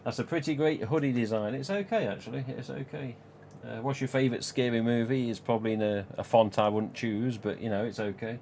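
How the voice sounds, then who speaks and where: A man's voice: mid-range voice, steady tone, brisk, gravelly, hardly any pauses, a little mellow, slight background noise. A man hosting a live stream, talking casually in a chatty, rambling way with frequent chuckles. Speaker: live stream host and collector.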